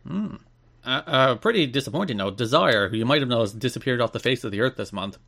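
A man's voice: mid-range voice, lively intonation, quick pace, gravelly, a bit bright. A man with an Irish accent co-hosting a podcast, reading out news items and then riffing on them casually. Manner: reads news items then riffs loosely. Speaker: podcast co-host. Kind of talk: casual chat.

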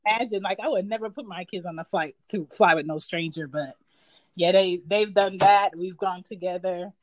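A woman in her thirties from Georgia tells stories in relaxed conversation. Her voice sits on the low side, and it leaps up when something amuses her. She talks loosely and with a lot of expression. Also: moderate pace, a crowd in the background. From United States (Georgia). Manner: animated, laughing storyteller with big pitch jumps. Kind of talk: casual chat.

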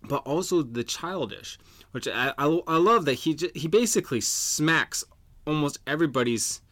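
A man's voice: fairly high pitch, lively intonation, normal speed, a bit bright. A man co-hosting a podcast in casual chat, earnest and reflective, often restarting his sentences. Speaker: podcast co-host.

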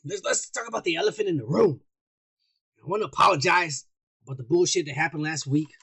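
A man hosting a podcast, telling crude stories loudly in profane casual banter. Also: a little high, fast talker, vocal fry, husky. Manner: loud, crude storytelling. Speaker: podcast host.

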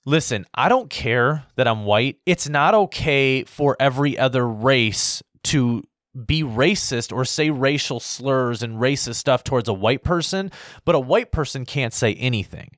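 A man's voice: mid-range voice, animated, a little slow, a bit bright, no room sound, studio quality. A man in his early thirties ranting in a casual, heated way, swearing often and rambling with lots of fillers. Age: 30s. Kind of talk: casual opinion rant to camera.

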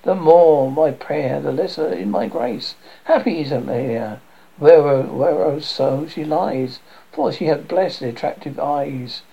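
A man reading the lines of a pleading, lovesick young woman in a halting way, on a dull lo-fi recording. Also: a little high, gravelly, warm tone, husky, full character voice. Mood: forlorn.

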